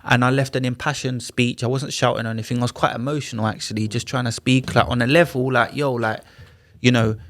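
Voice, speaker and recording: A man's voice: medium pitch, fast talker, few pauses. A man, a podcast guest telling a personal story in a casual, slang-heavy way and acting out the other people's lines. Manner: animated, slangy retelling with acted-out dialogue. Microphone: studio podcast mic.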